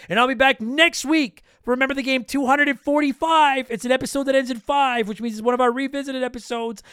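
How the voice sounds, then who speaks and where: A man's voice: very high voice, fairly bright tone, smooth, no room sound, studio quality. A man hosting a podcast, casually joking and rattling off a long list of patron names while his voice is tired and worn. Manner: joking, self-deprecating, rapid list reading. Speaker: podcast host.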